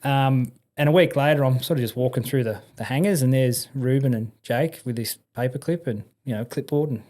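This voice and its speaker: A man's voice: medium pitch, a little fast. A middle-aged Australian man, a podcast guest, telling casual stories and acting out the people in them, often laughing. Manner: animated, acts out voices in anecdotes, laughs often. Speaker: podcast guest, army and police veteran. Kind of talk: casual storytelling.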